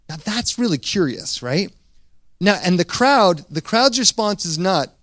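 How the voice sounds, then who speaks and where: Man, pastor, casual sermon, higher voice, dry close sound, lively storytelling. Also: unhurried, no echo. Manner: conversational, animated storytelling with restarts.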